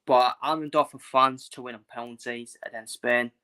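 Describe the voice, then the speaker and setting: A man from England talks football with a bright, forceful voice, hammering the same points again and again. He speaks bluntly and emphatically, like a vlogger ranting to his viewers. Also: medium pitch, fairly even intonation, normal speed, clean tone. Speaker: football channel host. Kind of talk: casual ranting match preview.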